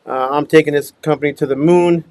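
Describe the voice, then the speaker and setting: A man's voice: on the high side, fairly even intonation, fairly quick, a little mellow, no room sound. Rambling man hosting a livestream. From Minnesota. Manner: rambling, greets viewers by name, drops to mumbles often. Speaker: dumpster rental business owner hosting a livestream. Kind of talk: casual livestream chat. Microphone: small clip-on microphone.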